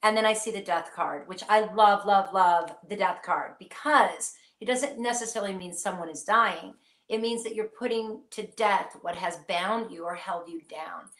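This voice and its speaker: A woman's voice: mid-range voice, moderate pace, a bit bright, echoey room. A woman hosting a live psychic question-and-answer stream, speaking earnestly and reassuringly straight to her viewers.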